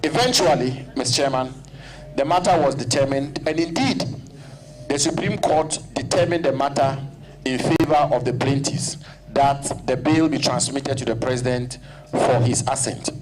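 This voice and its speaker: Deliberate man questioning a nominee. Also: mid-range voice, noisy background. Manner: deliberate, repeats points for emphasis. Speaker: committee member questioning. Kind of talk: formal parliamentary questioning.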